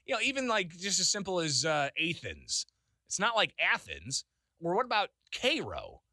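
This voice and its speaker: A man's voice: high voice, very animated, brisk, pushed and bright, no echo, clean studio sound. A man hosting a call-in radio talk show, chatty and laughing often, with lots of fillers. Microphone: studio microphone.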